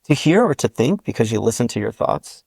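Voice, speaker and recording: Male linguist guest, gravelly voice, dry close sound, walks through sounds one by one with examples. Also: mid-range voice, very animated, brisk, a little mellow, no echo. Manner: methodical, spells out sounds with examples. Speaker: linguist guest explaining his constructed language. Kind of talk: patient step-by-step explanation.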